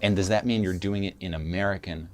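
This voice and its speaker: A man's voice: sits low, steady tone, fast. A man hosting a podcast interview, playful, joking and laughing along with his guest. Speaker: podcast host.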